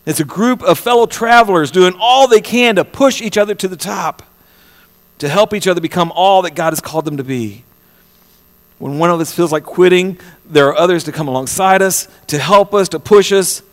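A pastor preaching an impassioned sermon, often repeating words and swinging between loud and hushed delivery. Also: male voice, high-pitched, moderate pace, big-room sound.

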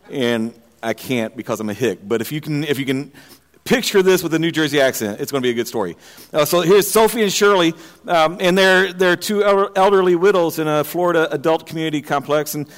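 A man preaching a sermon, opening with folksy, self-deprecating jokes in a halting way before moving into scripture. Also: a little high, in a large hall.

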